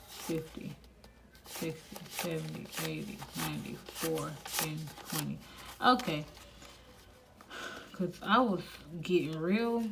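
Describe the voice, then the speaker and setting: A woman hosting a budgeting vlog, quietly counting cash aloud and chatting casually to viewers between counts. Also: sits low, gravelly. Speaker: budgeting channel host. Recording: noisy home recording.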